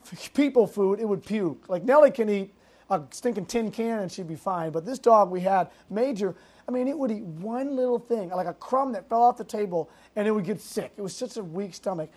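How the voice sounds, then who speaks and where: Speaking at medium pitch, a Massachusetts youth pastor addresses teens in a sermon. His storytelling is lively, sprinkled with fillers, and he often cuts himself off with quick asides.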